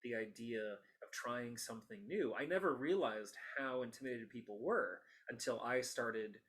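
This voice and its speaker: A man's voice: mid-range voice, moderate pace, fairly bright tone. A man hosting a casual interview podcast, talking enthusiastically and laughing often. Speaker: podcast host.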